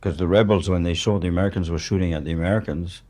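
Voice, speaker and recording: He speaks in rapid-fire bursts with a low, steady, slightly mellow voice. In his seventies and from France, this war journalist is a conversation guest who tells candid stories in French-accented English, blunt, matter-of-fact and full of swearing.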